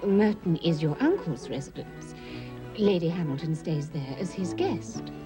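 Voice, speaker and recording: A woman's voice: lowish voice, expressive, measured pace. An actress playing a prim, disapproving middle-aged mother in a period film, scolding and fussy. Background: film score music.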